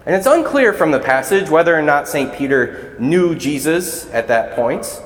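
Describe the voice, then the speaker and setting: A man's voice: a little high, animated, normal speed. A man serving as a deacon, giving a conversational, earnest sermon in a church. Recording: echoey church hall.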